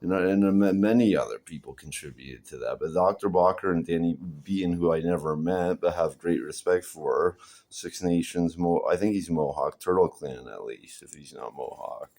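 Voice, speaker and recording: A man vlogging a rambling personal monologue, halting, repeating himself and swearing often. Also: low voice, darkish tone.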